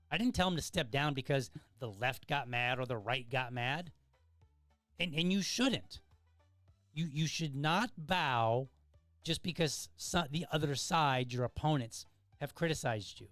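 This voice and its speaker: A man's voice: medium pitch, a bit bright, no echo. A man hosting an opinion show, lecturing emphatically and firing off exasperated rhetorical questions while reading out viewer comments. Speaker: podcast host.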